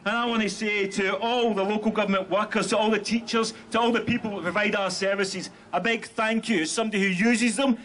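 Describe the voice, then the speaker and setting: A man giving a rally speech as a union speaker, shouting slogans with rhetorical fire. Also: high voice, fairly even intonation, a little fast, few pauses. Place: outdoor street rally. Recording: noisy outdoor rally audio.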